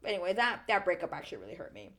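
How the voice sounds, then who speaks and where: A young woman chats through a reality show recap in a lively, animated way, peppering her talk with "like." Her voice sits a little low for a woman, but it swings widely in pitch as she gets excited. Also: racing. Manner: chatty, animated, lots of "like".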